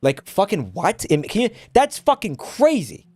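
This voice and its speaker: A man's voice: high-pitched, huge pitch swings, measured pace, darkish tone, breathy edge, no room sound. A man streaming and ranting at his chat, exasperated and swearing often. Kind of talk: casual stream rant.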